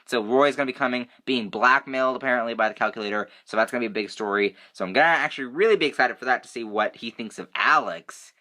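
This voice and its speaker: Bright-voiced excitable young man reviewing TV. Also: mid-range voice, fast talker, hardly any pauses. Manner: excitable, rambling, many fillers like "you know" and "like". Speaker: TV review vlogger. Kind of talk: casual TV episode review.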